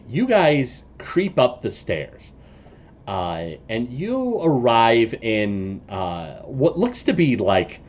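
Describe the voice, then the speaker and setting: A man narrating a tabletop game as game master, loose and halting with many fillers. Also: medium pitch, a little mellow.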